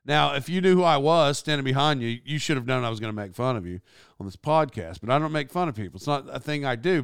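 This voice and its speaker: A middle-aged man hosting a podcast, telling a rambling story in an animated way and often correcting himself. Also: mid-range voice, clear, resonant tone, no room sound, studio quality. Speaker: podcast host. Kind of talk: casual storytelling.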